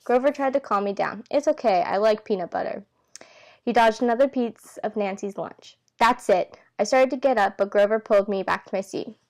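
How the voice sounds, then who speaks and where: A woman reads a novel aloud as an amateur, casual and unpolished, stumbling over words and correcting herself with asides. She gives the characters' lines in her own voice. Her voice is a little high and she reads a bit fast, with hardly any pauses.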